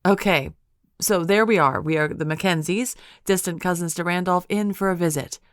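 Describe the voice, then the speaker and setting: Woman doing a joking scottish guy, low voice, dry close sound, bantering. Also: moderate pace, no room sound, natural voice. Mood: teasing. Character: young Scottish man, teasing and good-humored.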